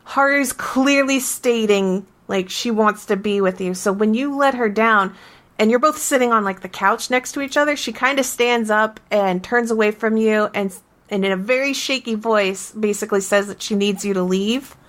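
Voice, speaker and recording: A woman co-hosting a casual game podcast, telling her story with emphatic, animated restarts. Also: mid-range voice, normal speed. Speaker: podcast co-host.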